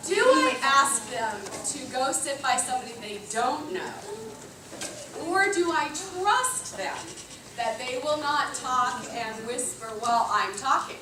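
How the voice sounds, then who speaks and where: A woman's voice: sits high, animated, a little slow. A woman giving a chatty, upbeat motivational talk to a room of girls, asking them questions and speaking without a microphone. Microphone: camera at a distance, no microphone. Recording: roomy, distant, noisy camera recording.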